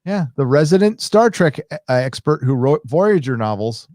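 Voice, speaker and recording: A man's voice: a little high, very animated, moderate pace, a little mellow, no echo. A man co-hosting a live pop culture show, making dry, sardonic asides while he has the hiccups. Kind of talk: casual live-stream chat.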